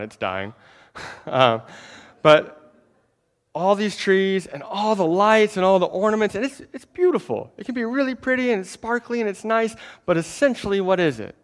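A man preaching a sermon in a conversational way, talking straight to the congregation, repeating words and swinging between emphatic and hushed lines. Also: fairly high pitch. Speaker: pastor.

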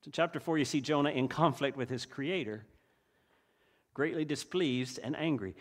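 A man's voice: on the high side, moderate pace. A man preaching a sermon as a pastor, earnest and asking the listeners rhetorical questions.

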